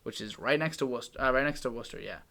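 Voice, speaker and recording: A man's voice: mid-range voice, rapid-fire, sharp tone. A young man from Massachusetts, hosting a casual podcast chat, rambling and joking, often laughing. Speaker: podcast host.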